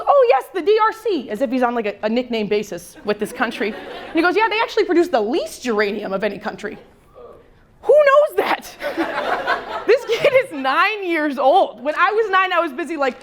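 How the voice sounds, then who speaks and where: A young woman giving a storytelling speech to an audience, animated and comic, with quick asides. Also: on the high side. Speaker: service member speaking at an event.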